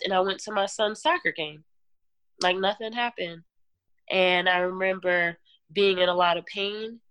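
A woman guest giving an earnest personal testimony in an interview, talking in halting runs with restarts and fillers. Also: on the low side, a bit bright, no echo. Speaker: podcast guest.

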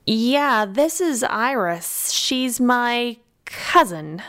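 A woman's voice: a little high, lively intonation, extremely slow, fairly bright tone, pitched above the performer's own voice, exaggerated voice. A woman reading aloud, voicing a shy, earnest young man who speaks hesitantly.

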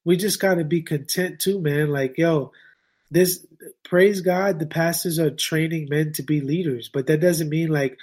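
Male podcast guest, slightly high voice, slangy and emphatic, repeats lines for weight. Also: normal speed, darkish tone. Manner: informal slang, emphatic repetition. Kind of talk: casual chat.

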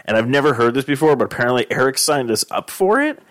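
Lively, joking male podcast host. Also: medium pitch, fast talker. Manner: jokey, riffing, slips into mock voices; profane, laughs often. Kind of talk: casual comedic chat.

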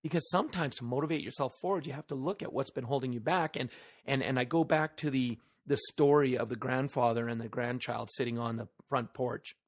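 A man's voice: medium pitch, fairly quick. A man hosting a solo motivational podcast who talks earnestly into a microphone, leans hard on key words and asks the listener rhetorical questions. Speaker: podcast host.

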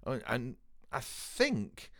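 A man from Northwest England talks about old films in an easy, unscripted chat. His voice sits at a middling pitch, and the sound is dry and close with no room around it. He gets animated, doubles up words for emphasis and drops the odd swear word. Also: extremely slow, gravelly, no echo. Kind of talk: casual film chat.

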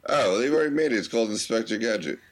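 A man's voice: on the low side, animated, very fast. A man hosting a podcast, bantering and laughing often with his co-host. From United States. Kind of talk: casual banter.

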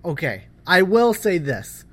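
A podcast co-host in casual fan chat, talking in lively bursts and often breaking into laughter. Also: medium pitch, slow.

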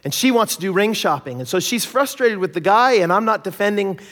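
Animated man preaching in a reverberant church. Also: high-pitched, fairly quick. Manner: animated storytelling, acts out quoted voices. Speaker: pastor. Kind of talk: sermon with personal story.

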